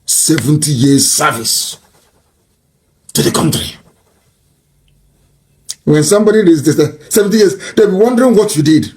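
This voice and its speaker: A man rails in a scornful political tirade. His voice sits a little high and swings from mocking to shouting. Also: expressive, moderate pace, long pauses.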